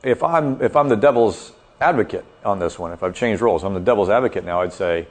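A man leading a group theology discussion, thinking aloud with lively asides. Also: fairly low pitch, fairly quick. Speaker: discussion leader.

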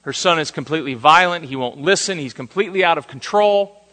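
A male preacher tells stories in a sermon, acting out each quote with animation at a fairly quick pace. His fairly high voice rings forceful and bright, and a long reverb from a large hall hangs behind him.

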